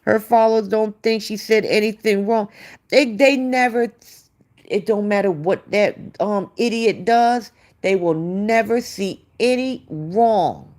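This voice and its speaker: A woman's voice: medium pitch, a little mellow. A woman hosting a live stream, gossiping and answering chat comments in a casual, opinionated way. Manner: slow, gossipy, talks back to chat readers. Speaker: livestream host.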